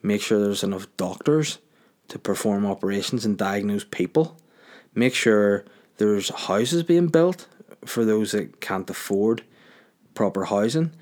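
A Northern Irish man hosts a podcast alone, talking off the cuff in a casual, ranting monologue. His voice sits a little low, and he often breaks off mid-word to restart his sentences. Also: expressive, a little slow, darkish tone. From Northern Ireland. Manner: rambling, ranting, self-interrupting. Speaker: podcast host.

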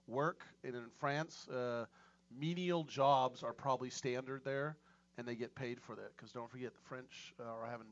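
A man's voice: medium pitch, fairly even intonation, normal speed, lo-fi sound. A man co-hosting a legal radio talk show, talking in a blunt, wry way. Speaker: co-host. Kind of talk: casual panel chat.

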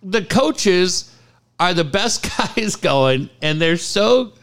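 A man in his forties hosting a talk radio show, telling blunt, animated stories with swearing and reading ads. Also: high-pitched, slow. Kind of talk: casual sports talk and live ad reads.

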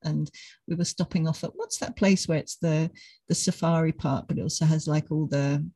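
Gravelly podcast host lady, husky and mellow, dry close sound. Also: deep voice, steady tone, moderate pace, dry recording, low-quality recording. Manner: reminiscing, warm and encouraging. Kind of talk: casual conversational interview.

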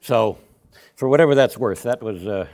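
A man's voice: fairly low pitch, normal speed. A man, telling a folksy personal testimony to a Sunday school class. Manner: folksy, animated storyteller with frequent restarts. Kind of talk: storytelling testimony in a church class.

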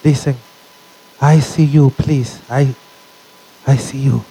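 A comedian voicing his elderly grandfather, a doting, insistent old man who calls out in a thin, drawn-out voice. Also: steady tone, mellow, slightly rough, rough recording. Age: older. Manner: high, thin, drawn-out calling voice.

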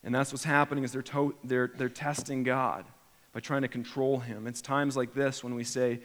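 Preaching man in a reverberant hall. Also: moderate pace. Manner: animated, acts out imagined prayers with sharp rises in pitch and volume. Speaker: pastor. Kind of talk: sermon.

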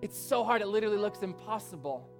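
A man preaching a sermon in a church, lively, rising toward a shout, peppered with rhetorical questions. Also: high-pitched, fast talker, vocal fry. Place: church sanctuary. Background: faint instrument music.

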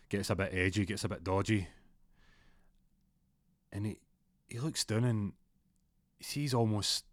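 A man's voice: lowish voice, a bit bright, no echo, clean studio sound. A young man telling a spooky story in a casual, rambling way, full of restarts.

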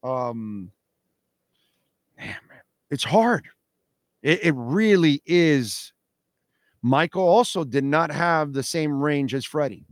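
A man's voice: a little high, expressive, slow, pauses often, dry recording. A man hosting a radio show, talking casually and emphatically, often repeating himself and answering listener comments. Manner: emphatic, repeats "no, no, no", reacts to chat. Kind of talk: casual opinionated radio talk. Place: radio studio.

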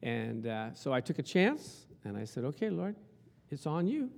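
A man's voice: medium pitch, normal speed, gravelly. A man preaching a sermon as pastor, telling stories and acting out quotes with lots of passion. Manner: animated, storytelling with acted-out quotes.

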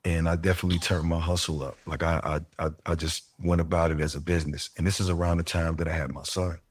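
A man being interviewed, speaking reflectively and haltingly with frequent stammers. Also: deep voice, level tone, breathy edge, dry recording, studio quality. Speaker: interview guest.

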